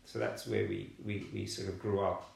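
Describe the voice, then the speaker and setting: A middle-aged man from London telling his life story in an interview, halting and repeating words as he searches for them. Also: on the low side, little pitch movement, vocal fry, darkish tone. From London, England. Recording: roomy echoey room.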